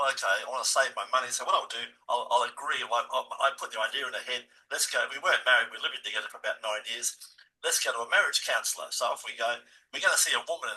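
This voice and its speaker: A man in his seventies hosting a podcast, telling stories in a casual, animated way and often calling his listeners guys. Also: medium pitch, distant mic, rough recording. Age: 70s. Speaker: podcast host. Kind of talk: casual interview chat.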